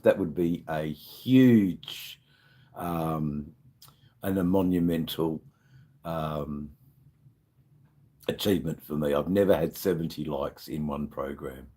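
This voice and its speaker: Australian male streamer, slightly drunk, slow and rambling, swears freely, deep voice. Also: warm tone, breathy edge. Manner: rambling, swearing, answering chat comments. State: a bit tipsy. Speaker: livestream host. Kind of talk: casual live-stream chat with viewers.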